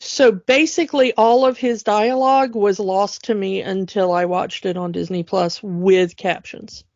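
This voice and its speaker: A woman co-hosting a podcast, talking in an animated, emphatic way as she rants. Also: medium pitch, a little slow, no echo. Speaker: podcast co-host. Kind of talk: casual chat. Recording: dull lo-fi dry sound.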